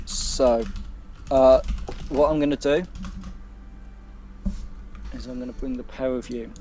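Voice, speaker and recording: A man's voice: mid-range voice, fairly even intonation, slow pace, slight background noise. A man running a tabletop game as game master, hesitant and full of fillers. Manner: hesitant, many fillers, fumbles with the software.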